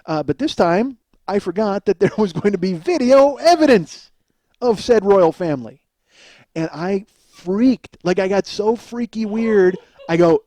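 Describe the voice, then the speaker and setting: A man's voice: high-pitched, expressive, normal speed, mellow, no room sound. A middle-aged man hosting a solo comedy podcast, telling a rambling, self-deprecating story and laughing at himself. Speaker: podcast host.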